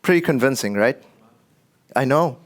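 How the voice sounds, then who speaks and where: A man's voice: medium pitch, animated, normal speed. A man giving a conversational, joking tech presentation to an audience. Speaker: conference speaker.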